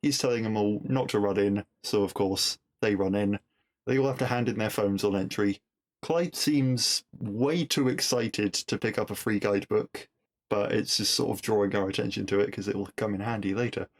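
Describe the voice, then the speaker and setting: Podcast host: male, lower register, dry and chatty, retells episodes with asides. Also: moderate pace. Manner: wry, conversational, puts on voices when quoting. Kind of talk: episode recap commentary.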